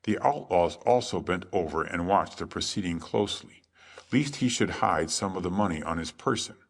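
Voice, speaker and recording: A man reading a classic adventure tale aloud as calm, measured sleep story narration. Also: sits low, vocal fry, slightly rough. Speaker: audiobook narrator.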